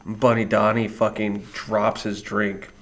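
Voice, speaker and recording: A man's voice: on the low side, level tone, takes it slowly, a bit bright. A man co-hosting a podcast, chatting casually with loose, profane banter. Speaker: podcast co-host. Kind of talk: casual chat.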